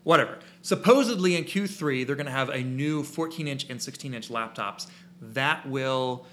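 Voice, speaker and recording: A man's voice: medium pitch, moderate pace, a bit bright. A man co-hosting a photography podcast in casual, rambling chat, full of fillers and restarts, recorded in his small studio. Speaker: podcast co-host and photography teacher.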